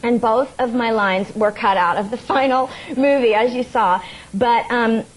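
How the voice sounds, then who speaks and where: A woman from the United States, a talk show guest telling stories in an animated, laughing way. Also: fairly high pitch, unhurried, rough recording. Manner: animated storyteller, laughs often, acts out quotes. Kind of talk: casual chat, telling anecdotes. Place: TV studio with audience.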